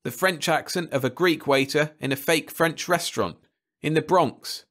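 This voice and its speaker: A brash middle-aged television man, as a man reads the part talks in a breezy, blunt way, pitched well above the reader's usual voice. He sounds quick to judge and easily amused. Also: fairly bright tone, natural voice. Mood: mocking.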